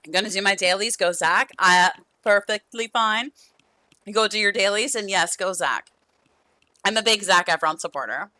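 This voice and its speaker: A woman's voice: medium pitch, normal speed, sharp tone, no room sound. A young woman streaming a life-sim game, chatting affectionately with viewers and her characters, losing her voice. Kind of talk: casual gameplay stream chat.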